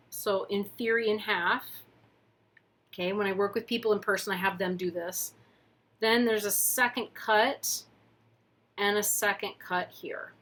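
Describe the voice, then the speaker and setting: Casual female tarot reader, relaxed and leisurely, talking through each step with playful asides. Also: medium pitch. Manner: chatty, thinks aloud, playful asides. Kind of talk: casual explanatory card reading. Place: at a table with camera.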